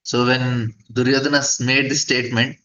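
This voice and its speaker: A man teaches a scripture class and tells its story in a halting way, full of fillers and restarts. The recording is dull and lo-fi. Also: mid-range voice, flat delivery, pushed and bright.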